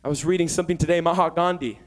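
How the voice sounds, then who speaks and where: A young man preaching with a notably high voice, fervent and urgent. He swings from hushed asides to loud shouted calls, keeping a lively, personal sermon tone. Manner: fervent, rising to shouts, with quick asides and laughs. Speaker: guest preacher.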